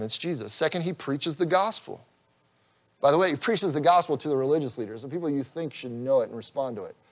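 A man preaching an expository sermon, earnest, rising loud on scripture and dropping soft, with an occasional chuckle. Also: medium pitch. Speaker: pastor.

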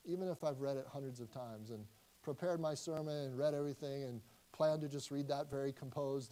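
A man, a pastor, preaching a sermon in a conversational way, with frequent restarts and slow, emphatic lines. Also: medium pitch, dark tone, rough recording.

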